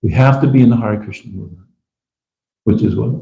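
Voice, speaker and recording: A man's voice: mid-range voice, creaky, warm tone, echoey room, lo-fi sound. A man giving a casual, conversational sermon as a visiting preacher, acting out bits of dialogue as he talks. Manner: conversational, acts out dialogue in quick asides. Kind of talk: informal sermon. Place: temple room.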